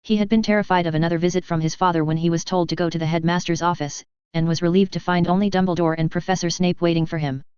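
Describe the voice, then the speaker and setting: A woman reads a story aloud with a very clear, smooth voice pitched a little low. She keeps a steady, even storytelling pace. The recording sounds dry and slightly dull. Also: quick pace, few pauses, no echo. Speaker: narrator. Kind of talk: audiobook reading of fan fiction.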